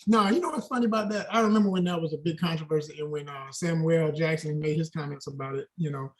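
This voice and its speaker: A man in his forties, a guest actor chatting in an interview, telling animated stories with a lot of casual slang. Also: on the high side, fast talker. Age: 40s. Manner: animated storyteller, slangy and expressive.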